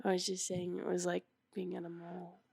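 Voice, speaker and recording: A woman's voice: on the low side, completely flat delivery, moderate pace, gravelly, a little mellow, husky. A woman in her twenties, co-hosting a podcast with dry teasing remarks in casual chat. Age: 20s. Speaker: podcast co-host.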